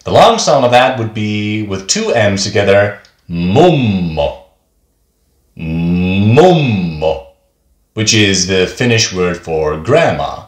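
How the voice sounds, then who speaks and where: A man's voice: on the low side, expressive, unhurried, few pauses. A man teaching a beginner pronunciation lesson, speaking patiently and repeating each example word twice. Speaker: language teacher. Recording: echoey room.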